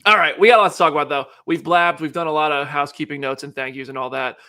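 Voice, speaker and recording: A bright-voiced man hosts a live show in loose, joking chat. His pitch sits a little high, and he rambles with frequent restarts. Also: fairly even intonation, quick pace. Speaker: host.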